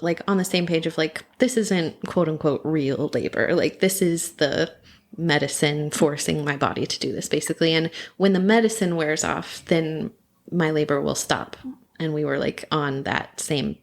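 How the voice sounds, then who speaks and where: A young woman, a podcast guest, telling her birth story in an animated, chatty way with lots of laughter and filler words. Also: low-pitched, normal speed. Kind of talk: personal birth story in conversation.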